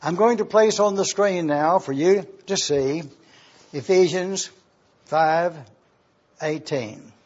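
A man preaching a teaching sermon, explaining Greek verb forms slowly and emphatically, spelling words out letter by letter. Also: sits high, a little mellow. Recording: dull lo-fi recording.

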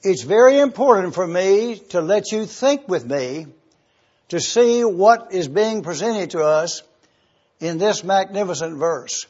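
A man preaching a sermon, teaching scripture slowly and deliberately with emphatic pauses. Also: sits high, expressive, darkish tone, slightly rough. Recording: dull lo-fi recording.

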